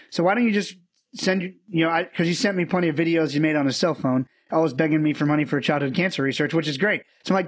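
A man telling stories as a guest on an interview show, acting out the people he quotes. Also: high voice. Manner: fast, animated storyteller who acts out quotes. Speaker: podcast guest. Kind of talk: casual storytelling interview.

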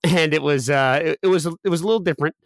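A man's voice: fairly high pitch, fast, dry recording, studio quality. A young man telling a personal story as a guest, candid and full of fillers and restarts.

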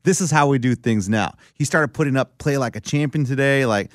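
A man's voice: medium pitch, fairly quick, no echo, studio quality. A man from South Texas, co-hosting a casual sports chat and ranting about his team. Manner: animated, ranting, swearing. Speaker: podcast co-host.

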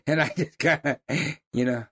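A middle-aged man, a hunting guide, telling stories in casual chat with loud, high bursts when he quotes people. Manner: animated yarn-spinner, loud high bursts when quoting.

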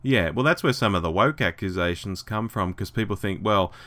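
A man hosts a podcast in casual chat. His voice is very low, and he talks in a measured, conversational way. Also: fairly bright tone. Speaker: podcast host.

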